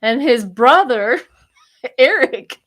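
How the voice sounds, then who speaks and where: Slow-talking older tarot reader woman. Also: sits high, expressive, a bit bright, a little hiss or hum. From Colorado, United States. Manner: chatty, laughs often, gossipy asides. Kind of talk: casual livestream tarot reading.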